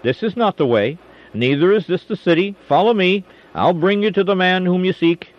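A man voicing a calm, commanding male prophet, declaiming his lines earnestly with a raised voice. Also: on the high side, moderate pace, voice pushed up, lightly acted. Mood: urgent. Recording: dull lo-fi recording, faint hiss.

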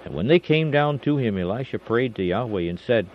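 A man reading scripture aloud in a dramatic, expressive way, with shifting emphasis and slight stumbles. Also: medium pitch, brisk. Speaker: scripture reader. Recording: dull lo-fi recording, faint hiss.

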